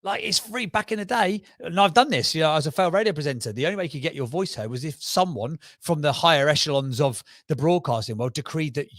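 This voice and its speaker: A man's voice: a little high, no room sound. Emphatic Cockney man, dry close sound. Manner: fast, emphatic, piles up figures and examples. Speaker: podcast guest, brand strategist. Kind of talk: energetic interview talk.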